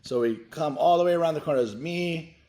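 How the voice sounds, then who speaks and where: Excitable man telling an animated story. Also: a little high, fast. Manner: excitable, acts out dialogue in his stories. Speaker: podcast guest.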